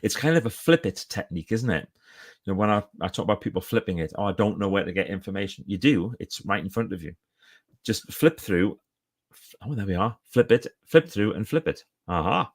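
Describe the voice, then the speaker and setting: A man's voice: lowish voice, big pitch swings, moderate pace. A middle-aged man chatting enthusiastically on a live stream from his book-lined home office, often stopping and restarting his sentences. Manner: chatty and enthusiastic, self-interrupting. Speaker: author and speaker. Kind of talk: casual live-stream chat. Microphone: phone or camera for a live stream.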